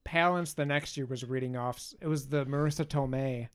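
A man's voice: medium pitch, fairly even intonation, brisk, smooth. A man hosting a podcast, casually recapping a movie in a loose, profane way with joking asides. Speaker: podcast host.

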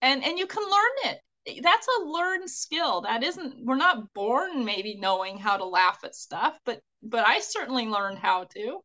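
A woman guest on a podcast, a courage coach, telling stories in a lively, laughing way. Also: fairly high pitch, measured pace, hardly any pauses. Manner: animated, laughs often while telling stories. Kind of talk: casual storytelling interview.

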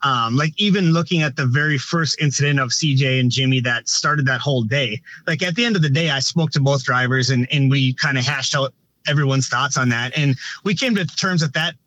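A man's voice: mid-range voice, fairly quick, fairly bright tone, no room sound, highs cut off. A man who directs races, talking casually on a podcast, rambling with frequent restarts and filler phrases. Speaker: race director.

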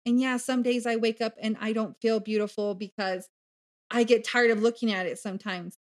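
A woman with a fairly high voice, talking as a guest on a conversational podcast. She is animated and blunt, swears freely and speaks with open candor. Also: normal speed. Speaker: podcast guest, bariatric coach. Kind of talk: candid casual conversation.

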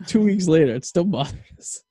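A man's voice: high-pitched, dark tone, breathy edge, no echo, studio quality. A man hosting a podcast in casual chat, rambling and stammering through restarts. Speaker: podcast host.

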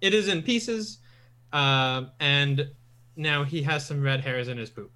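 Laid-back man with a bright voice. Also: fairly high pitch. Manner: laid-back, a bit halting, laughs. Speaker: player. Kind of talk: casual chat.

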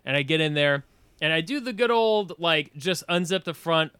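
A man guesting on a podcast, telling a story in a casual, animated way, swearing freely and laughing as he goes. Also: fairly high pitch, moderate pace, clean tone, dry recording. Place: podcast studio.

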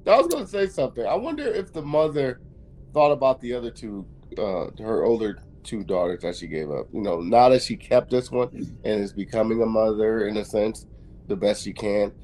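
A man's voice: on the low side, lively intonation, fairly quick, warm tone, poor audio. A man co-hosting a podcast, thinking aloud in casual chat. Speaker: podcast co-host.

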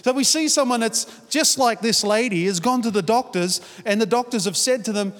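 A man's voice: extremely high pitch, fairly quick, hardly any pauses, a bit bright. A man, preaching a sermon in a conversational storytelling way that builds to emphatic declarations. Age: 40s. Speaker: pastor. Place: church auditorium. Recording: reverberant church hall.

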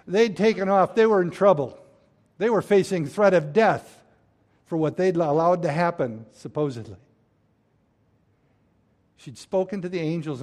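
A man preaching a sermon as a pastor, swinging between loud stressed phrases and hushed, quiet drops. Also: sits high.

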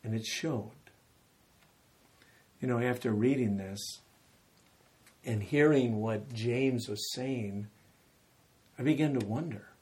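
Male preacher, unhurried, slightly husky, animated storytelling sermon. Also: mid-range voice. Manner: animated storytelling, acting out quotes with rising intensity.

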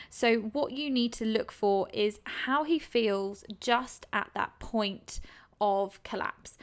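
Chatty woman tutor with a gravelly voice. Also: medium pitch. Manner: chatty, enthusiastic, frequent ums. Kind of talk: explaining a set text for an exam.

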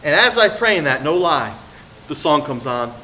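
A male pastor preaching a sermon in a conversational way, swinging from hushed personal storytelling to emphatic, rising exhortation. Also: a little high, sing-song, normal speed, slight background noise.

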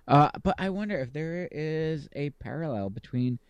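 A man's voice: a little high, animated, normal speed, clean tone, no room sound, lo-fi sound. A man co-hosting a podcast in casual chat, rambling with lots of ums and playful sarcasm. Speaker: podcast co-host.

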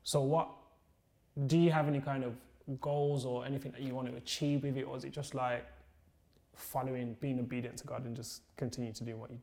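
A man with a mid-range voice hosts a relaxed podcast conversation. He speaks thoughtfully and warmly encourages his guest, with steady, even delivery. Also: mid-range voice, fairly quick, creaky. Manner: encouraging, thoughtful, backchannels often. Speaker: podcast host. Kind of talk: casual podcast chat.

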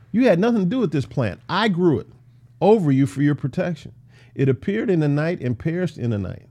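A man teaching through a Bible passage in a casual, animated way, acting out the characters' lines. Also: on the high side, moderate pace. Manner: animated, voices biblical characters, laughs often.

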